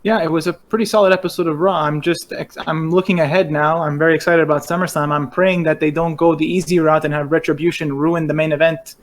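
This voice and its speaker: A man co-hosting a podcast in a casual, chatty way. He walks through events step by step and adds wry asides. His voice is a little higher than most men's. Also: fairly even intonation, fast talker, few pauses. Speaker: podcast co-host. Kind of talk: casual recap chat.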